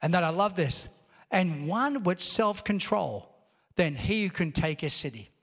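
A man's voice: high-pitched, lively intonation, unhurried, fairly bright tone. A male pastor preaching a sermon, telling a story and building to emphatic calls to the congregation. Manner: storytelling, rising to emphatic exhortation. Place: large church auditorium. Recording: long hall reverb.

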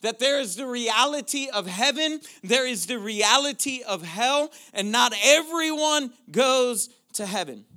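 Male pastor, high bright voice, preaches with rising intensity into shouted declarations. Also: expressive, a little slow, few pauses. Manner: preaching, building from quiet questions to shouted declarations. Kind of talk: sermon.

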